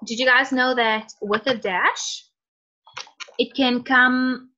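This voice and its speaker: A woman's voice: a little high, fairly even intonation, slow, pushed and bright. A woman teaching an online class in a chatty, encouraging way, reading out messages from students. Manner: chatty, encouraging, reads student chat aloud. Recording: lo-fi online call audio.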